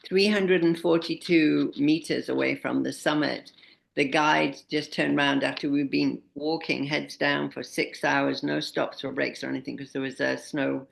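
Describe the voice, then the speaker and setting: A woman in her sixties telling animated anecdotes as an interview guest, often laughing at herself. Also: sits low, moderate pace, creaky. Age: 60s. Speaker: interview guest, speaker and expedition leader. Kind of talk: casual interview storytelling.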